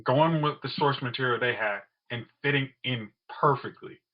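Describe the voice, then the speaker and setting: A man's voice: mid-range voice, normal speed. Easygoing man on a podcast. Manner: relaxed, quotes characters in playful voices. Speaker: podcast co-host. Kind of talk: casual movie review chat. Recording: dull lo-fi sound.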